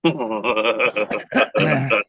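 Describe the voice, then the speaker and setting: A man's voice: fairly low pitch, extremely slow, highs cut off, a crowd in the background. A man joking around with crude banter in a casual group chat. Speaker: stream regular.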